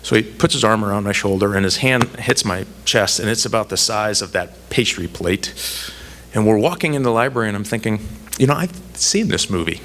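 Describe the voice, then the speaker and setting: In a public speech about foreign policy, a man from the United States builds his case with repeated emphatic phrases, weaving in stories, humorous asides, and self-deprecating humor. He speaks fairly quickly in a fairly low, fairly bright voice.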